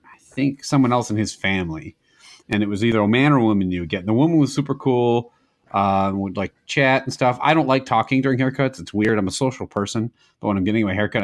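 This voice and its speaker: A man in his thirties co-hosting a podcast, telling rambling stories in casual chat and laughing often. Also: fairly low pitch. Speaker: podcast co-host.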